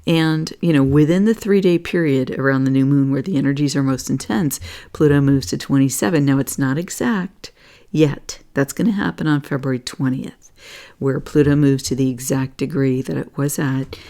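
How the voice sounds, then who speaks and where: A woman's voice: a bass voice, normal speed, mellow. A woman hosting an astrology and energy talk, rambling casually with lots of fillers and frequent "okay?" check-ins. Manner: earnest, gets emotional. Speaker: astrology and energy reading host. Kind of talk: casual spiritual talk over charts.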